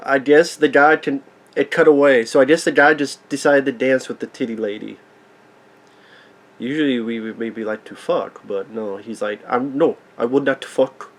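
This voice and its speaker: A man's voice: mid-range voice, steady tone, moderate pace, rough recording. A man giving casual, profane commentary on a movie, sarcastic and incredulous, swearing freely as he reacts.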